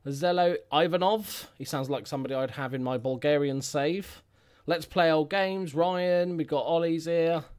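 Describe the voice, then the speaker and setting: A man's voice: fairly high pitch, moderate pace, a little mellow, clear, resonant tone. Casual male streamer at home, rambling and jokey, hums between remarks. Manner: jokey and rambling, humming filler sounds. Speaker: YouTuber hosting a live stream. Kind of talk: casual live-stream chat.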